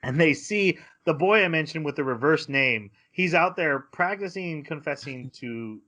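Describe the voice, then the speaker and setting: A man's voice: fairly high pitch, lively intonation, moderate pace, sharp tone. A man co-hosting a podcast, recapping episodes in casual chat and acting out characters' lines as he goes. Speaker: podcast co-host.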